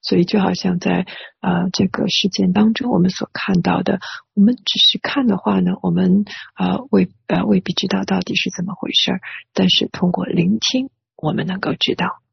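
Gravelly breathy sermon interpreter. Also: medium pitch, steady tone, moderate pace, no echo. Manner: hesitant, many filler sounds. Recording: dry, dull lo-fi recording.

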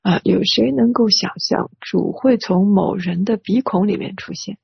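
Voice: medium pitch, moderate pace, vocal fry, breathy edge, no room sound. An interpreter rendering a sermon phrase by phrase, hesitant with many filler sounds, on a dry, dull lo-fi recording.

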